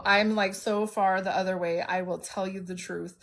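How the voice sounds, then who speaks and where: A woman's voice: medium pitch, steady tone, normal speed, fairly bright tone. Blunt, emotional woman streamer. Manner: open and emotional, speaks bluntly. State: congested from allergies. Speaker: livestream host. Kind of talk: candid personal storytelling.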